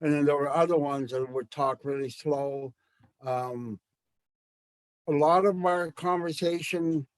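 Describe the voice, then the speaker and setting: A man's voice: on the high side, dry recording. A man teaching a language class to educators, speaking thoughtfully with many fillers and restarts. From Canada.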